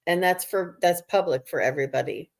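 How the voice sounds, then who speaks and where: Woman, slightly low voice, livestream host, casual and enthusiastic, video call. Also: a little fast, vocal fry. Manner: enthusiastic, greets chat viewers. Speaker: psychic medium host.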